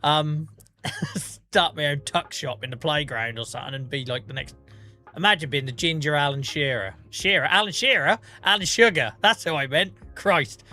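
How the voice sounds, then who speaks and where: A man's voice: a little high, normal speed, pushed and bright, faint music behind. A man with a Norfolk accent, chatting casually to his live-stream viewers while gaming, self-mocking and laughing often.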